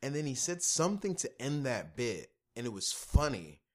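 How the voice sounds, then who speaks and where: A man in casual chat, animatedly retelling a story with swearing and quick restarts. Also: medium pitch, sing-song.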